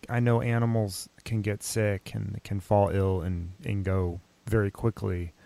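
Male host, gravelly low voice with fry, calm and reassuring with his guest. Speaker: podcast host. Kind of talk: interview conversation.

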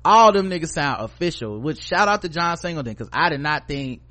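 A man co-hosting a podcast, his voice sitting a little high for a man. He talks in loose, casual chat and gives blunt, profane, strongly opinionated commentary. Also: animated, brisk, pushed and bright. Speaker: podcast co-host.

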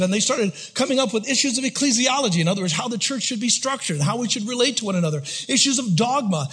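A male pastor preaching a sermon, building up with intensity and then dropping to a hushed whisper for emphasis. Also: very high-pitched, animated, fast, few pauses, breathy edge.

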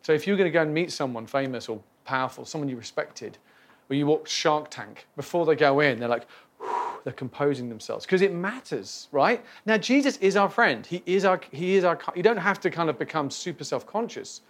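A man's voice: a little high, expressive, fairly quick. A man teaching on the Bible in a casual, reflective way, often restarting his sentences. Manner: conversational, reflective, with many restarts and fillers. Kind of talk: casual Bible study talk.

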